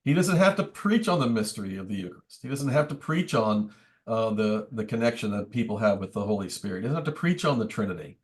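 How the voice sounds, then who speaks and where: A man's voice: fairly low pitch, lively intonation, fast. A man, a priest, teaching a book study group in a conversational, thoughtful way with wry asides. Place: church meeting room.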